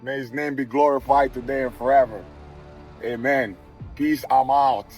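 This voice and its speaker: A man recording a relaxed video message, religious and grateful. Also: mid-range voice, moderate pace, faint music behind.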